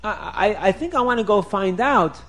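Man voicing a storybook husband, hungry, bumbling, eager rambling musings, slightly raised pitch. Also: lively intonation, a little fast, a bit bright. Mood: curious.

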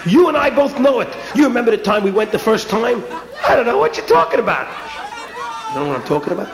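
A man voicing a tipsy, boastful businessman who talks in a lower, swaggering voice. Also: animated, fast talker, crowd noise, background noise. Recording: roomy echo.

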